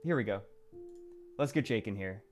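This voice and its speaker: A man's voice: on the low side, expressive, normal speed. A man hosting a casual livestream, rambling and chatty and laughing often. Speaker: stream host. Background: faint music.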